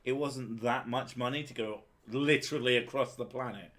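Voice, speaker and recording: A man's voice: medium pitch, fairly even intonation, moderate pace, fairly bright tone. A man co-hosting a casual livestream, joking and teasing, swearing now and then. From England. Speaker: streamer co-host.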